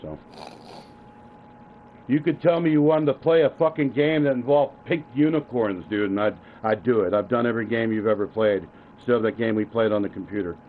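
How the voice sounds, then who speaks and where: A man's voice: on the low side, a little fast. Stammering, profane middle-aged father on a tinny phone. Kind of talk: heated family argument. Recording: tinny phone line with faint hiss.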